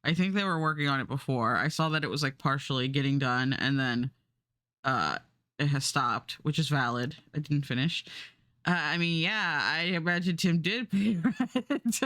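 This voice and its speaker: A woman's voice: sits low, moderate pace, fairly bright tone, dry recording, studio quality. A woman streamer chatting casually while she draws, rambling and laughing often. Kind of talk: casual live-stream chat while drawing. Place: home streaming setup.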